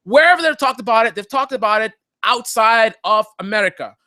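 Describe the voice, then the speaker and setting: A man's voice: high-pitched, animated, brisk, pushed and bright, no room sound, clean studio sound. A man hosting a live motorcycle channel update, talking casually in a joking, rambling way with lots of fillers.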